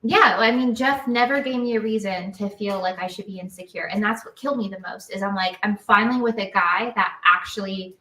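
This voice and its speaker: A woman's voice: medium pitch, fairly quick, few pauses, bright, forceful tone, echoey room, distant mic, rough recording. A woman co-host in casual chat, telling her story in an earnest, reflective way.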